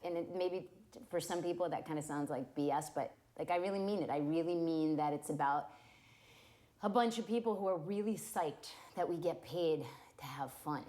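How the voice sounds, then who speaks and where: Voiceover lady, low mellow voice, earnest and candid. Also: moderate pace. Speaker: voice actor. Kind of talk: earnest interview talk.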